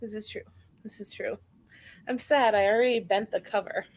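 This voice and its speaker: A young woman hosting a casual reading stream from home, chatty and animated, laughing at herself often. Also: medium pitch, moderate pace, poor audio. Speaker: host of a reading sprint stream. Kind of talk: casual chat. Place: home, near her kitchen.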